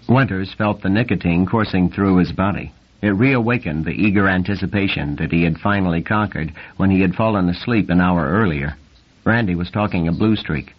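Low, husky male audiobook narrator. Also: a little fast. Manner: steady, even storytelling. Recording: dull lo-fi recording.

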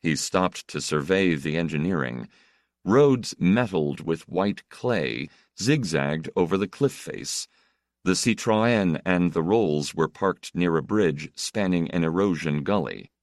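Male storyteller, deep tone, varied melody, measured delivery. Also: expressive, dry recording, clean studio sound. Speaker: narrator. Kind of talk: scripted narration.

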